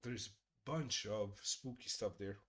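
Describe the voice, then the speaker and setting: A middle-aged man hosting a casual live stream, chatting with viewers in a joking, profane way and murmuring softly to his cat. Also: fairly low pitch, slow. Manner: profane, joking, addresses chat directly; drops to soft murmurs talking to his cat. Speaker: streamer hosting a creator hangout.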